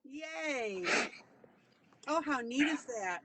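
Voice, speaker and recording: A woman's voice: high-pitched, lively intonation, extremely slow. A woman hosting a live online coloring broadcast, cheering and chatting casually with her viewers. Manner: enthusiastic, cheering, laughs often. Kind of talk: casual live-stream chat. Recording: noisy live-stream audio.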